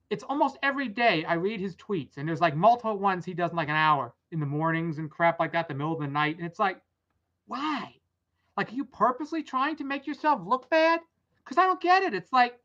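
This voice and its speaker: A woman's voice: on the high side, fairly bright tone. A young adult woman hosting a casual rambling commentary, blunt and exasperated, swearing freely. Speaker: vlog host. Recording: dull lo-fi audio.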